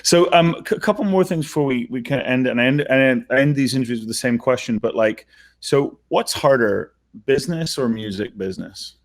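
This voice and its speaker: A man's voice: mid-range voice, lively intonation, fairly quick. A man hosting an interview, asking questions hesitantly with many fillers. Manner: hesitant, many ums and restarts. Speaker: interview host.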